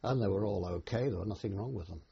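This is an older veteran's oral history: plain, slow-paced and hesitant as he remembers his service. His voice sits lowish and sounds creaky and husky, captured on a dull lo-fi recording.

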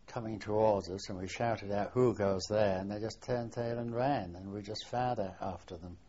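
An elderly man looks back on his wartime service in an oral history interview, his voice sitting low. He speaks haltingly, restarting often and letting sentences sink away softly. The sound is dull and lo-fi, like an old archival tape. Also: fairly even intonation, slight background noise. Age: older. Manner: halting reminiscing, trailing off softly. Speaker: war veteran interviewee.

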